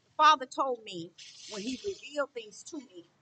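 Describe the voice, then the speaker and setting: A woman's voice: high voice, lively intonation, moderate pace, bright, forceful tone, slight background noise. A middle-aged woman preaching a spiritual monologue, emphatic and repetitive, testifying at length. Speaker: spiritual teacher.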